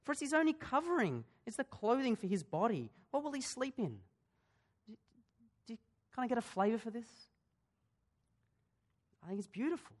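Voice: medium pitch, sing-song, normal speed, long pauses. Conversational preacher delivering a sermon. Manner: conversational, asks the congregation questions, frequent fillers and restarts. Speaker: pastor. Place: church.

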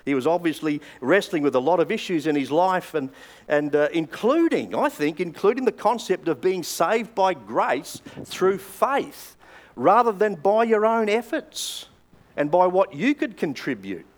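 A man's voice: high-pitched, sing-song, measured pace. An older Australian man preaching a sermon, telling stories in a conversational way with hesitant fillers. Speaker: pastor.

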